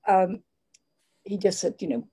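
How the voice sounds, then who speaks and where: An older woman speaking in a measured, candid way, with frequent restarts, reflecting on her working life. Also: mid-range voice, mellow, breathy edge. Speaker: interviewee. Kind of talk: reflective conversation.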